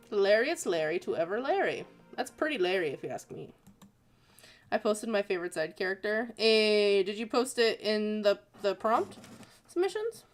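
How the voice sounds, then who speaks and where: Lively, giggly young woman streamer. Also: medium pitch, a little slow, soft background music. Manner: giggly, reads messages aloud, animated. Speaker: art streamer reading viewer submissions. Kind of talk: casual livestream chat.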